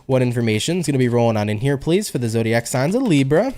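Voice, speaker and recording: A man's voice: mid-range voice, quick pace. A man giving a chatty live-stream tarot reading, reading out viewer comments as he goes. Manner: animated, chatty, reads audience comments aloud. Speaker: tarot reader.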